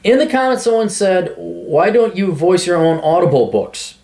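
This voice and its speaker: A man's voice: high voice, lively intonation, normal speed, gravelly, darkish tone. Sarcastic rambling man reading comments. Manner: sarcastic, rambling, self-mocking. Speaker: podcast host reading listener comments. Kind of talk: casual solo commentary.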